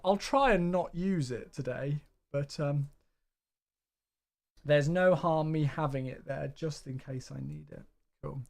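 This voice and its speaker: A man giving chatty live commentary while streaming a flight simulator and cheerfully greeting viewers. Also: fairly high pitch.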